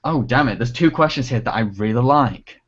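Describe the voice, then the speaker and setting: Chatty, laughing reviewer host. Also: male voice, mid-range voice, animated, a little fast, husky. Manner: chatty, laughs often, trails off and restarts. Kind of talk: casual livestream Q&A chat. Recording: dull lo-fi livestream audio.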